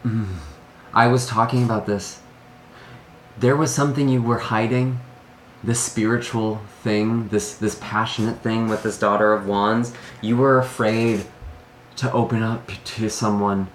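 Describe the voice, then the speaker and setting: A man's voice: lowish voice, steady tone, unhurried, a little hiss or hum. A man giving an earnest, emotional tarot reading to camera, often sighing between thoughts. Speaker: tarot reader. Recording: echoey room.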